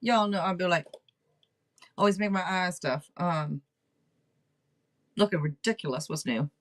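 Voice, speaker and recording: A woman's voice: on the low side, unhurried. A woman hosting a casual livestream tarot reading, talking to viewers in a direct, playful, teasing way. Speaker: tarot reader and livestream host.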